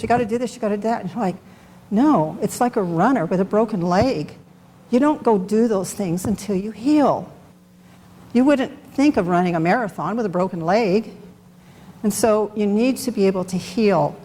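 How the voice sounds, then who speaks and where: Speaking in a dark, mid-range voice, a middle-aged woman shares her candid, off-the-cuff testimony at a Bible study in a conversational manner. Long reverb from the hall and faint background noise are present.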